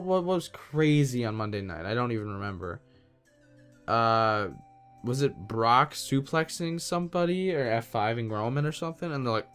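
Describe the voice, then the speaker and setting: A man hosting his own podcast, ranting in an exasperated, casual, slangy way. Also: on the high side. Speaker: podcast host. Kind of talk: solo wrestling podcast rant.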